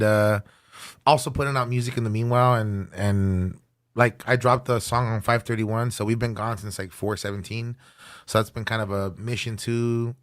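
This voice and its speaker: A man in his thirties from California, a guest musician telling road stories in a relaxed, slangy podcast chat and dropping in Spanish words. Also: on the low side. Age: 30s. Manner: animated storyteller, slangy, mixes in Spanish words.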